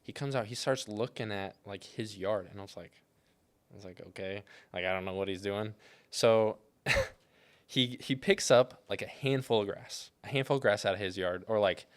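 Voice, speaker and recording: Low-voiced young man telling stories. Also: moderate pace. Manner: rambling storyteller, heavy use of "like". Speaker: podcast co-host. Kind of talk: casual chat.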